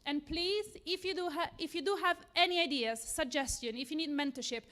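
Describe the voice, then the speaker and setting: Speaking fairly quickly in a high-ish, fairly bright tone, an Italian woman presents on stage to a live audience in an event room. It has the feel of a lightning talk, delivered earnestly with slight nerves and some self-deprecation.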